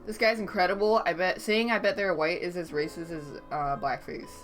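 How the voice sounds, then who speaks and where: A woman with a slightly low voice chats on a livestream, reading viewer messages aloud and tossing off dry, sarcastic replies. Soft music plays faintly behind her. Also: steady tone, a little fast. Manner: reads chat aloud and reacts with dry sarcasm. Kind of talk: casual stream chat. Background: faint background music.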